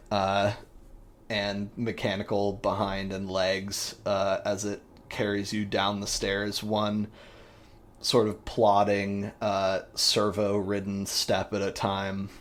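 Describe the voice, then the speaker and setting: A man's voice: lowish voice, monotone, takes it slowly, fairly bright tone. A man narrating a tabletop game as game master, in a rambling, descriptive way with many fillers.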